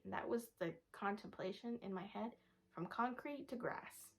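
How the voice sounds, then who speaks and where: A young woman vlogger telling a personal story in a soft, rambling way, often dropping to a whisper. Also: medium pitch, brisk. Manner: rambling, full of "like" and "da, da, da".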